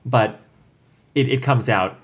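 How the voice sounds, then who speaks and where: A man's voice: mid-range voice, takes it slowly, husky. A man casually discussing a book chapter with friends, rambling and filling with "like" and "you know". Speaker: podcast co-host discussing a book.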